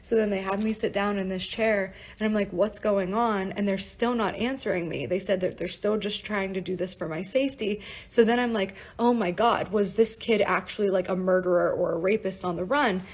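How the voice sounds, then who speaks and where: A young woman recounting an upsetting personal event in a casual storytime vlog, talking fast with lots of "like" and swearing, emotional and shaken. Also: medium pitch, steady tone, husky, rough recording. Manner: fast, breathless, heavy use of "like" and swearing.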